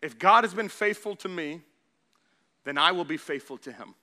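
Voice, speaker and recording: A pastor preaching a sermon, moving from quiet storytelling to loud, animated preaching as he acts out the quotes. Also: on the high side, moderate pace.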